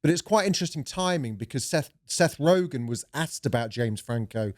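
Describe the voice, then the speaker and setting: A man's voice: mid-range voice, expressive, normal speed, no room sound. Sardonic man on a podcast. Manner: dry, sardonic, swears freely, puts on voices for quotes. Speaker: podcast co-host. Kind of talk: casual comedic chat.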